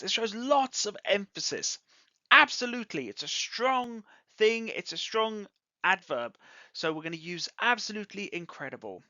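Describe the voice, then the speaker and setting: A teacher giving an English grammar lesson, speaking slowly and enunciating clearly. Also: medium pitch, pushed and bright, dry recording, dull audio.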